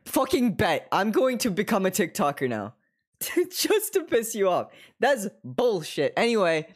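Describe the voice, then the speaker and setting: A man's voice: high-pitched, huge pitch swings, a little slow. A young man live streaming from his desk at home, chatting casually, swearing constantly, laughing often and slipping into other accents.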